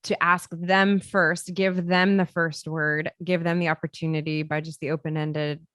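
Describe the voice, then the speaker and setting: A woman hosting a podcast, chatting casually as a parent, slow and measured with frequent chuckles. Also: low-pitched, flat delivery, fairly bright tone, no room sound, clean studio sound. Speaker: podcast host. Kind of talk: casual interview talk.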